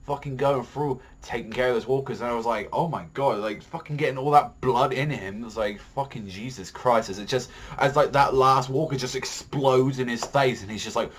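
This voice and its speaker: A man's voice: mid-range voice, brisk, hardly any pauses, a bit bright, slightly rough. Profane, ranting young male reviewer. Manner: profane, heated, rambling with many fillers. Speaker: TV show reviewer. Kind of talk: casual ranting review vlog.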